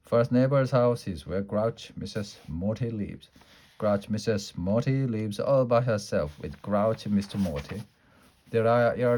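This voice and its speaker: A man with a fairly low voice reads a children's book aloud. He keeps it lively and playful. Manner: lively, playful character voices in a child's first-person story. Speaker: storybook reader.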